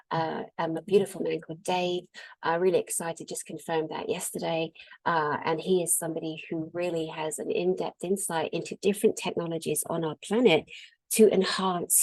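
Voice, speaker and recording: A woman hosting and announcing a conference to her viewers in an earnest, excitable monologue full of fillers. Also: low voice, creaky, no echo, poor audio.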